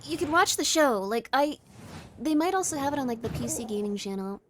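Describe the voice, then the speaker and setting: A woman's voice: sits high, animated, background noise. A woman streaming live, chatting casually and rambling as she reacts to a game showcase, with show audio and music playing behind her. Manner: chatty, rambling, quick laughs and exclamations.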